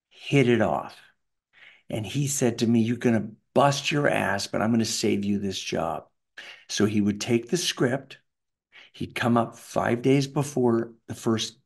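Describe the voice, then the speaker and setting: Gravelly-voiced Canadian man telling stories. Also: medium pitch. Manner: animated, does voices of people in his stories. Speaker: voice actor guest. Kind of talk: anecdotal interview storytelling.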